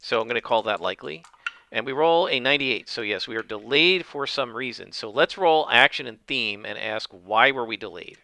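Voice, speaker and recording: Bright-voiced man narrating a solo game. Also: mid-range voice, animated, moderate pace. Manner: thinks aloud, with many fillers.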